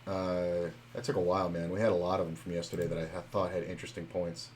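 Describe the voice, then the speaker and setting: A man's voice: low voice, level tone, quick pace, a little mellow, a little hiss or hum. A young man streaming live, chatting casually and telling stories in a loose, rambling way full of fillers and swearing.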